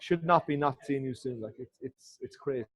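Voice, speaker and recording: A man's voice: mid-range voice, a little fast, no echo, poor audio. A man, a former rugby player guesting on a podcast, talking in a heartfelt, rambling way and swearing often. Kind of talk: casual chat.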